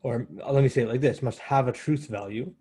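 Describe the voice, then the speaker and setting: Man lecturing on math, mellow tone, slightly husky, casual and self-correcting. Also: mid-range voice, a little fast. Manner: conversational, self-correcting, explains step by step. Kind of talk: university lecture.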